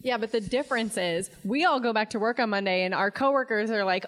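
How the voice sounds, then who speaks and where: A woman's voice: a little high, lively intonation, brisk, few pauses, fairly bright tone, in a large hall. A woman hosting a live interview about running, playful and teasing with her guest. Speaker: podcast host. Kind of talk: live interview and sponsor read.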